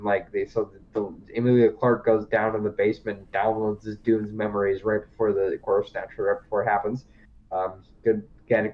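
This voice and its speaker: A man's voice: fairly low pitch, muffled recording. A man co-hosting a podcast, recapping a TV series in casual, rambling chat, swearing and laughing often. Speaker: podcast co-host.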